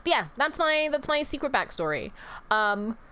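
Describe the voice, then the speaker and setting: Young female streamer, high and animated, chatty and sweary. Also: normal speed. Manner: rambling, self-correcting, sweary. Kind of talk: casual chat with viewers.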